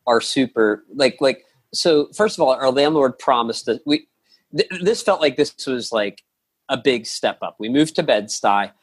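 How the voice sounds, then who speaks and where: A man tells a story as a podcast guest, his husky voice rising and falling a great deal. He rambles, restarts often and acts out what people said. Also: mid-range voice, animated, normal speed. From lives in New York. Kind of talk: casual storytelling.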